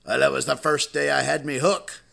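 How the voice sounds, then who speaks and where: A man voicing a gruff old pirate with a peg leg, growling his lines in a joke he tells. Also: medium pitch, little pitch movement, brisk, pushed and bright, full character voice. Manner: growling "arr" pirate talk.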